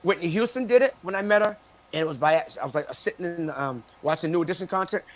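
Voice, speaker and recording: A man from Cape Cod, a guest chatting casually in an interview, telling animated stories and laughing often. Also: sits high, fast talker. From Cape Cod, Massachusetts.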